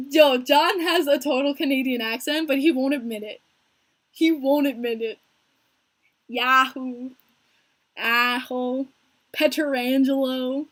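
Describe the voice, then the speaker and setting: A young American woman hosting a casual hockey podcast stream, talking in an animated, chatty way and answering viewers by name. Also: sits high. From United States. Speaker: podcast host streaming live with chat.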